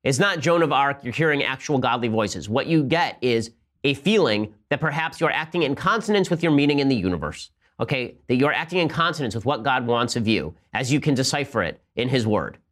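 Rapid-fire combative male podcast host. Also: mid-range voice, lively intonation, a bit bright. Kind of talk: political commentary.

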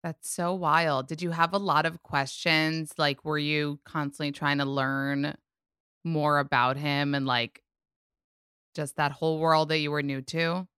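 Smooth low-voiced woman podcast host. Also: little pitch movement, a little slow, a bit bright, no room sound, clean studio sound. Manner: curious, asks follow-up questions. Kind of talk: casual chat and ad read.

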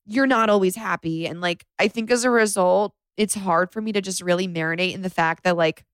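A woman's voice: lowish voice, fairly even intonation, fairly quick, clear, resonant tone, no echo. A woman hosting a solo confessional podcast from her bedroom floor, talking candidly and rambling with lots of "like", sometimes close to tears. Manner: candid, rambling, heavy use of "like"; emotional, close to tears at times. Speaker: podcast host. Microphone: podcast microphone.

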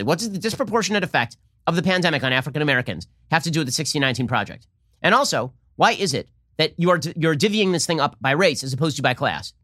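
A man's voice: on the high side, a bit bright, no echo, clean studio sound. A man hosting his own political commentary show, delivering a combative, sarcastic monologue. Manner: combative, sarcastic, rapid-fire. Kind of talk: opinion monologue.

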